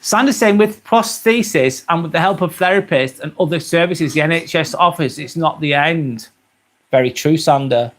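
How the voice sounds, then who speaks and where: A man's voice: fairly high pitch, normal speed, a bit bright. A man, hosting a live stream and chatting casually through viewer comments, earnest and hesitant, with many ums and apologies. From England. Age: 40s.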